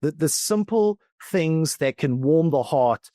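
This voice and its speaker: Guy from south africa, podcast guest, slow thoughtful coach talk, kinda high voice. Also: lively intonation, warm tone, no room sound, studio quality. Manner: thoughtful, often slows down and stretches words. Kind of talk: reflective conversational talk.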